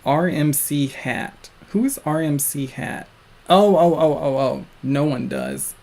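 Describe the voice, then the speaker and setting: A man's voice: on the high side, sing-song, takes it slowly, darkish tone. A man hosting a comic-critique livestream, chatting casually and joking with viewers. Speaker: livestream host reading a comic.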